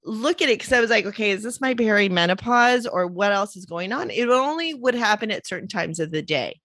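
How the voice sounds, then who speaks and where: A woman's voice: mid-range voice, expressive, a little fast, a bit bright, no echo. A woman hosting a podcast, telling personal stories in a chatty, casual way. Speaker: podcast host. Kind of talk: casual interview chat.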